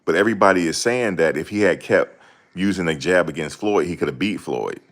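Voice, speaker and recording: A man's voice: deep voice, fairly quick. A man hosting a casual stream, reading and answering chat comments in a rambling, slangy way. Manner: rambling, slangy, laughs a lot.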